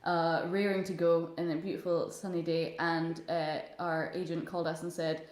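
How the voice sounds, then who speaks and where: Woman, guest musician, casual rambling chat, slightly low, echoey room. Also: level tone, moderate pace, darkish tone. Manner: chatty, laughs often, rambling with fillers. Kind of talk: casual chat over video call.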